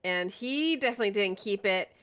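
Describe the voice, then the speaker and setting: A woman co-hosting a casual gaming podcast, relaxed and giggly, with frequent hesitant fillers. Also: mid-range voice, brisk. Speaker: podcast co-host. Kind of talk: casual chat.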